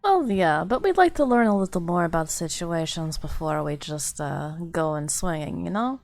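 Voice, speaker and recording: A woman's voice: on the low side, lively intonation, normal speed. A woman player at a tabletop game, speaking bluntly and wryly in casual table talk. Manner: blunt, wry, conversational.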